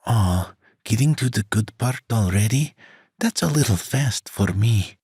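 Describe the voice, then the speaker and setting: A man's voice: fairly low pitch, expressive, darkish tone, breathy edge, no echo, studio quality, exaggerated voice. A man doing a wry young woman dancer. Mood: playful. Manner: quick-witted, playful.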